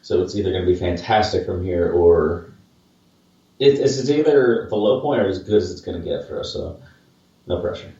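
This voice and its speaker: Deep-voiced man in a very echoey room. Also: moderate pace, warm tone. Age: late 20s. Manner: rambling and self-deprecating, with many fillers and restarts. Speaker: podcast co-host, paranormal investigator. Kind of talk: casual podcast chat. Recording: distant, very echoey, muffled mic.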